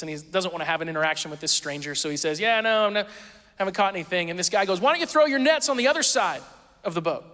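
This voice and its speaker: Pastor guy telling stories in a sermon, bright edgy voice, kinda high, long hall echo. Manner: storytelling, conversational with quoted voices.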